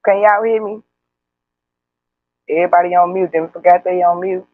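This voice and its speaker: A man talking loudly and eagerly to a group call. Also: sits high, fairly even intonation, normal speed, no room sound. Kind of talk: casual talk on a group call. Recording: tinny dry phone line.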